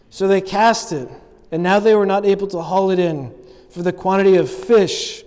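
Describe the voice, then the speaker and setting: A man's voice: high-pitched, normal speed, darkish tone, in a large hall. A man preaching a sermon, telling the story with humor and acting out the lines he quotes.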